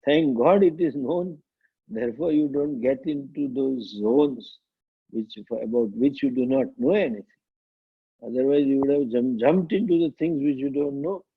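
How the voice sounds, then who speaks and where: Man, swami, scripture lecture, slow and deliberate, gravelly voice, tinny phone-like audio. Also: medium pitch. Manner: slow, deliberate, rising and falling, with chuckles.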